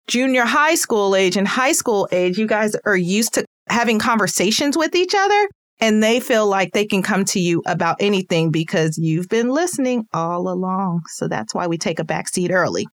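A woman's voice: mid-range voice, no room sound. A mother giving casual parenting tips, chatty and laughing easily as she acts out little scenes. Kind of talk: casual advice talk.

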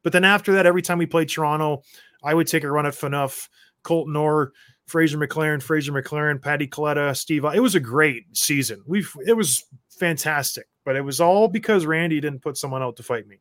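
A man, a former hockey enforcer, telling stories as a guest in a casual chat and getting loud as he acts out his own rants. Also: fairly high pitch, fairly quick, dry recording, studio quality. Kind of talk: casual storytelling.

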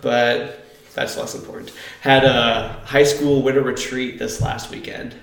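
Gravelly man telling stories in an echoey basement. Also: medium pitch, unhurried. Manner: animated storyteller, acts out quotes loudly. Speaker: podcast co-host, youth pastor. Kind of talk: casual chat, storytelling. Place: church basement.

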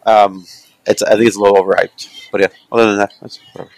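A man's voice: on the low side, level tone, quick pace, creaky, no room sound, low-quality recording. A man chatting casually as a podcast co-host, rambling loosely with lots of fillers and asides. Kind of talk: casual chat.

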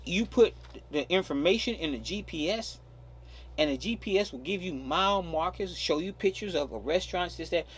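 Male pastor delivering a sermon with an animated, husky voice that leans hard on each key phrase. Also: sits high, normal speed. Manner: emphatic, stretching key words, frequent repeats.

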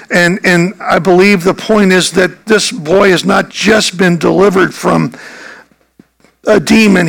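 A man, a pastor, preaching a sermon earnestly and emphatically, with a gravelly voice. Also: sits high, poor audio.

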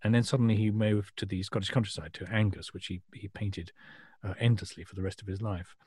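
A man co-hosting a podcast, talking about art in a thoughtful, halting way with many restarts and a husky voice. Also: on the low side, steady tone, darkish tone, dry recording. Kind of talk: casual chat about art.

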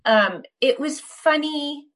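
A woman's voice: high voice, lively intonation, slow pace, a bit bright. A woman appearing as a fan guest on a casual podcast, talking emphatically about her reactions.

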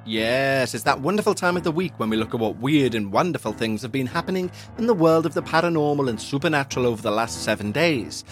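A man's voice: mid-range voice, lively intonation, fast, hardly any pauses, over music. Jokey man hosting a podcast. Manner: jokey, punning, chatty. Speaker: podcast host. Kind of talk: casual podcast chat and reading news aloud.

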